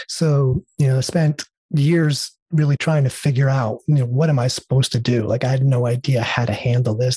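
A man's voice: medium pitch, darkish tone, slightly rough, no echo. A middle-aged man, an interview guest, telling his story in an earnest, heartfelt way, with many fillers and restarts. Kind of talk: conversational storytelling.

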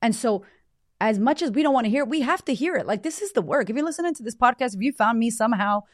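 A woman's voice: on the high side, animated, fast, no echo. Woman, 30s, podcast host. Blunt, emphatic, casual swearing, close dry sound. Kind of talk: casual motivational talk.

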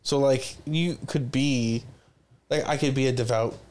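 A man's voice: medium pitch, steady tone, unhurried, darkish tone. A man in casual chat who rambles with many fillers and swears freely. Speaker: podcast co-host.

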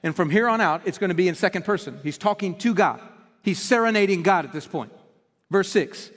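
A man preaching a sermon as pastor, telling stories with animated energy and often restarting his words. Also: sits high, a little fast, big-room sound.

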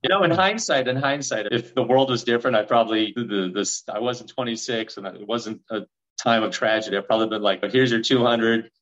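A man in his forties telling a story in a podcast interview, acting out the dialogue with lively energy. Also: mid-range voice, a little fast, muffled recording. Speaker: real estate investor guest.

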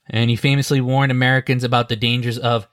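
A man's voice: mid-range voice, fairly bright tone. A man co-hosting a podcast, running a card game, reading cards aloud and laughing with some mild swearing. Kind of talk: casual chat during a card game.

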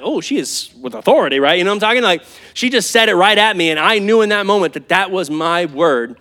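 High-voiced man preaching a lively sermon. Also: quick pace. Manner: animated, conversational preaching with crowd call-outs. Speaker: pastor. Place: church hall before a live congregation.

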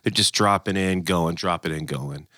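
Animated thirty-something man telling a story. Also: sits low, moderate pace, no room sound, studio quality. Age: 30s. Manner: animated storyteller, acts out others' lines. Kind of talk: casual faith chat.

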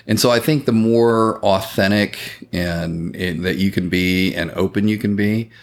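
A man's voice: sits low, fairly even intonation, unhurried. A man talking in a casual podcast conversation, earnest and reflective, swearing now and then.

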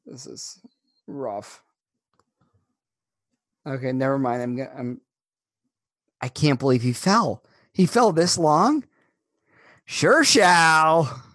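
Laughing, animated podcast guy. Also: fairly high pitch, slow, long pauses, dry recording, studio quality. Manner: animated storyteller, laughs often. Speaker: podcast co-host. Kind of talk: casual chat.

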